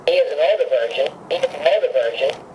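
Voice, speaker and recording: A man's voice: on the high side, animated, fast talker. A toy parrot that parrots each phrase back, often twice, replaying a man's voice. The playback is heavily hissy and noisy. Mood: flat echo.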